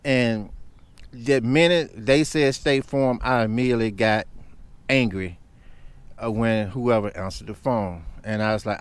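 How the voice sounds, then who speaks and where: A man's voice: medium pitch, measured pace, clear, resonant tone. A man vlogging, telling a story in a heated, emphatic rant.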